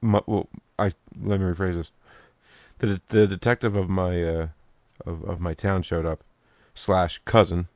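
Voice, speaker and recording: A man's voice: deep voice, steady tone, unhurried, a little mellow, dry recording, studio quality. A man in casual podcast chat, telling swearing, laughing stories.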